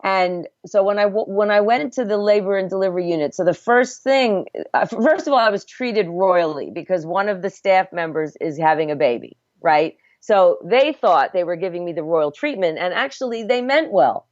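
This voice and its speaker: A woman's voice: mid-range voice, expressive, moderate pace, few pauses, no echo. A middle-aged woman, a midwife and former obstetric nurse, telling her story earnestly and reflectively in a conversational interview. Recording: dull, dry lo-fi audio.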